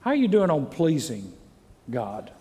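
A middle-aged pastor preaches to his congregation with earnest, repeated rhetorical questions. His voice sits a little high for a man. The church hall rings with a long reverb. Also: wildly swooping pitch, measured pace, darkish tone, slightly rough. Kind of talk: sermon. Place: church sanctuary. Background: congregation calls amen.

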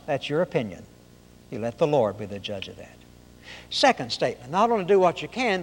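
A man's voice: fairly high pitch, very animated, brisk. A middle-aged man preaching a sermon in a folksy, emphatic way, asking rhetorical questions. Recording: long hall reverb.

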